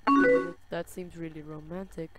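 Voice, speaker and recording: Gaming creator, female, lowish voice, unhurried delivery reading chat lines aloud, loud game music and typing underneath. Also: steady tone. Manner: reads dialogue slowly, with soft sympathetic reactions. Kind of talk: let's-play commentary, reading chat messages aloud. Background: loud game music and keyboard typing.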